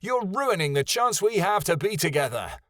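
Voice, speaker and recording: Man playing a hot-headed young man, defiant, yelling, dry close sound. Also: high-pitched, big pitch swings, moderate pace, no room sound, voice pushed up.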